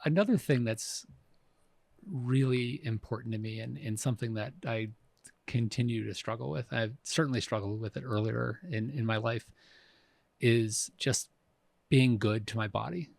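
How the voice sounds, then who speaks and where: Gravelly man in his fifties. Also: mid-range voice, normal speed, a little mellow, no echo. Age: 50s. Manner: reflective, frequent restarts and fillers. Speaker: podcast co-host. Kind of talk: casual conversation.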